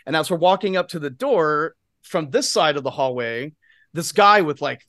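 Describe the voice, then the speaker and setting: A male podcast co-host telling a rambling, lively anecdote in casual chat, full of asides and swearing, on a studio mic. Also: a little high, moderate pace, no echo.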